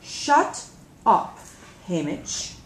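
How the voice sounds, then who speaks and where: A woman's voice: a little high, big pitch swings, takes it slowly, a little hiss or hum, exaggerated voice. Woman reads as defiant teen girl, exasperated, roomy echo. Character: defiant teenage girl, sharp-tongued and exasperated. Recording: echoey room.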